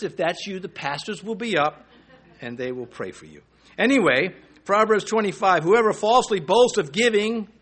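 A man preaching from the pulpit with a somewhat high voice. He swings between calm explanation and sudden loud, high bursts. He reads scripture verses aloud and fills pauses with short hesitations. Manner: animated preaching with sudden rises in pitch and loudness. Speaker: pastor. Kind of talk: sermon.

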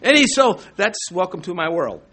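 Animated, self-deprecating male pastor preaching. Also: high-pitched, normal speed. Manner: conversational, self-deprecating, frequent restarts. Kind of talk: sermon. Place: church.

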